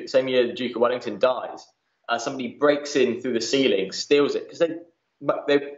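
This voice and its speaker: A male museum manager chatting as a podcast guest, often pausing on "uh" as he talks. The recording is roomy and a little dull, with a hint of reverb. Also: mid-range voice. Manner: chatty, lots of "uh" fillers. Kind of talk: casual interview chat.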